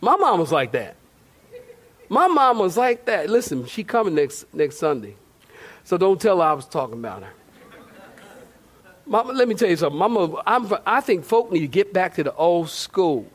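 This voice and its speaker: A male pastor preaching a sermon in church, animated and playful, acting out the people in his comic stories. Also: sits high, normal speed, long pauses. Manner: animated, playful, acts out shouting voices. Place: church sanctuary.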